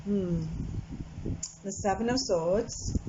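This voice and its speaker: A woman's voice: mid-range voice, extremely slow, muffled recording, noisy background. A middle-aged woman from the UK giving a casual, chatty pick-a-card tarot reading at home, giggling and repeating herself. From United Kingdom. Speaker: tarot reader. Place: warm room at home with a fan running.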